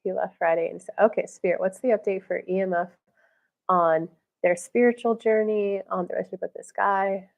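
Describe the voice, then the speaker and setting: A woman's voice: medium pitch, fairly even intonation, brisk, gravelly, highs cut off. A woman hosting a live stream, giving conversational psychic readings and responding to viewer comments. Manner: chatty, relays guidance in a conversational flow.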